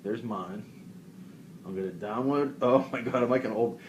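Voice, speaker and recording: A man's voice: mid-range voice, moderate pace, dull audio, slight background noise. A young man co-hosting a podcast, joking around in casual chat and putting on silly voices. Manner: jokey, playful, puts on silly voices. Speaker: podcast co-host.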